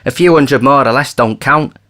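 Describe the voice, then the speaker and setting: A man voicing a plump, bumbling rich man who talks loudly and hastily. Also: medium pitch, moderate pace, voice pushed up, lightly acted. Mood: blustering. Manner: loud, hasty, blustering. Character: bumbling plump wealthy man, blustering and impetuous.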